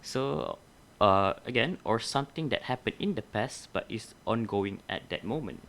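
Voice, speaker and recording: Low-voiced young man teaching methodically. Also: animated, moderate pace, a bit bright, slight background noise. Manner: methodical, explains step by step, corrects himself. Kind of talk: micro-teaching grammar lesson.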